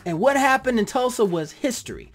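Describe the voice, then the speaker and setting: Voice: medium pitch, lively intonation, fairly quick. A reviewer talking casually and animatedly about a TV episode, acting out their own reactions and drifting into heartfelt tangents.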